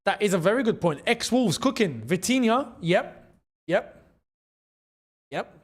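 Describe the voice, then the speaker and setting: Excitable high-voiced man hosting a watchalong. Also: measured pace, breathy edge. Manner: excitable, repeats phrases, laughs often. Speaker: host. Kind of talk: live football watchalong commentary.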